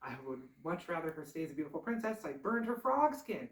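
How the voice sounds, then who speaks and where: A woman's voice: low-pitched, big pitch swings, fast. A woman voicing a rash young prince with a casual, sheepish manner. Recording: roomy, distant mic.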